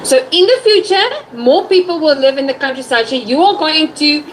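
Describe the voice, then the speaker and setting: A woman's voice: high voice, animated, normal speed, slight background noise, rough recording. A woman English teacher running an online tutoring session, asking questions and praising her student.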